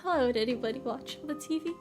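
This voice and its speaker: Young woman, high-pitched, giggly, self-deprecating, casual stream chat, faint background music. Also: fast, a little mellow. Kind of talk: casual chat reading viewer messages.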